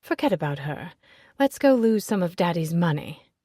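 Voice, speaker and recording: A woman voicing a brash, cheeky aristocratic lady who teases loudly and bluntly. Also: on the low side, very animated, normal speed, no echo, clean studio sound. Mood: scornful. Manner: bold, cheeky, exclamatory. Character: brash, bawdy aristocratic lady, teasing and loud.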